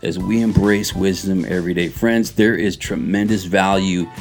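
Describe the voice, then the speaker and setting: A man with a low, gravelly voice co-hosts a morning faith show in a church radio studio. His talk is upbeat and chatty. A music bed runs clearly beneath him. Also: fairly even intonation, moderate pace. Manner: upbeat, chatty, reads passages aloud. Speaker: podcast co-host. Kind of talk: casual radio chat.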